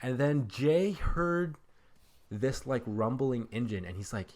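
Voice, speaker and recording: Man, gaming creator, casual story, rambling, filler-heavy, animated. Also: medium pitch, slow pace. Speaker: gaming YouTuber. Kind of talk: casual storytelling over gameplay.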